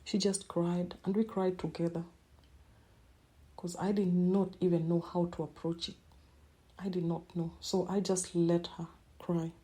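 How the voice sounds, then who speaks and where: A middle-aged woman with a low, mellow and slightly husky voice tells a personal story as a podcast host. Her delivery is halting and emotional, and she often repeats words mid-sentence. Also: level tone.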